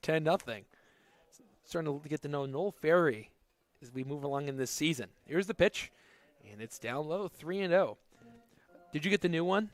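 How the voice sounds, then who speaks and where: A man calling a baseball game pitch by pitch, slipping into easy banter between plays. His voice sits a little high. The sound is dry and close to the mic. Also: expressive, normal speed, long pauses, no room sound. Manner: jokey, conversational between pitches. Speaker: play-by-play announcer. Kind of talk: baseball play-by-play commentary.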